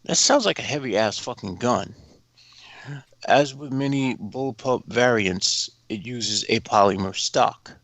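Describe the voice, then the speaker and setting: A man's voice: medium pitch, slow pace, fairly bright tone, no room sound. A man cohosting a livestream, reading a news article aloud and breaking in with crude jokes.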